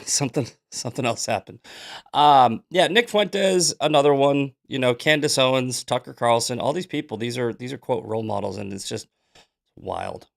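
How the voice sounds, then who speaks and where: Male stream host, heavy vocal fry, mid pitch, loose jokey commentary. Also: normal speed. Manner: loose, rambling, jokey asides while fixing tech. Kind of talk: casual live-stream commentary.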